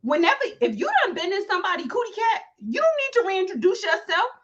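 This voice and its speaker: A woman hosting casual celebrity gossip commentary, animated and mocking, laughing often and talking in slang. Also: very high voice, quick pace, muffled recording. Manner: slangy talk, repeated phrases. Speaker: commentary host.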